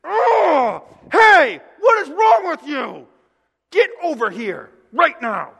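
Preacher playing exasperated Jesus, high shouts, scolding, long hall reverb. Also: male voice, sing-song, slow pace, vocal fry, exaggerated voice. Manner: shouting, high-pitched exclamations. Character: exasperated risen Jesus, a grown man scolding his followers.

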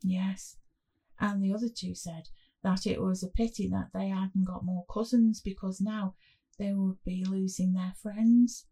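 Woman playing a little boy of five, small pleading voice, slow and husky, storybook read. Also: medium pitch, steady tone, mellow. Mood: frightened. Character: scared little boy, five years old.

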